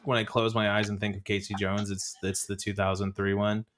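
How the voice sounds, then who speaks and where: Low-voiced man in casual chat. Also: little pitch movement, fairly quick, a bit bright. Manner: chatty, enthusiastic about toys.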